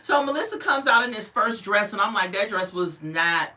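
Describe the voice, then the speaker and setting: Here a woman with a mid-range voice reviews reality TV, her delivery bright and animated. Calling the audience "y'all" and "baby," she acts out the folks she mentions with fast quoted voices in a casual, chatty style.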